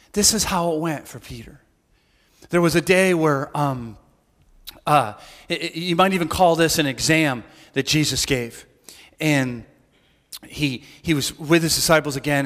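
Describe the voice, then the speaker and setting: High-voiced pastor preaching in a reverberant hall. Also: male voice, measured pace. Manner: conversational, animated storytelling with acted-out quotes. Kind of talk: sermon. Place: church.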